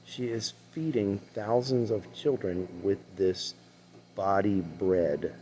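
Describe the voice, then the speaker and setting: Very deep, slow man retelling a story. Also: warm tone, dull audio. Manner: earnest, retelling the story in his own words. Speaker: online commentator. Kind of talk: commentary on a played clip.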